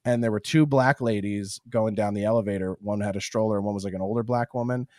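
A man's voice: on the low side, steady tone, fast, darkish tone, dry recording, clean studio sound. A man, a stand-up comedian and podcast guest, telling stories in casual chat and laughing at his own jokes.

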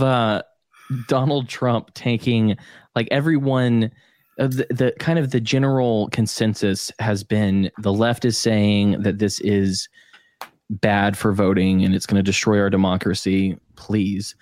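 A man's voice: lowish voice, fairly even intonation, unhurried, a little mellow, dry recording, clean studio sound. A man hosting a podcast, chatting casually in a rambling, jokey way and laughing often. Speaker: podcast host.

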